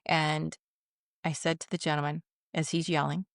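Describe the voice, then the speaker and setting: Gravelly, flat-voiced woman telling stories. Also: deep voice, moderate pace, dry recording, studio quality. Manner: vivid, anecdotal, acts out quoted voices. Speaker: guest, retired police commander. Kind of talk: conversational storytelling.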